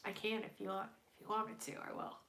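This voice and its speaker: A woman's voice: mid-range voice, little pitch movement, fast talker, vocal fry, sharp tone, reverberant, slight background noise. A playful, giggly woman with a stuffy nose, chatting casually as a tarot reader on a live stream. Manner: playful and giggly, hums silly tunes.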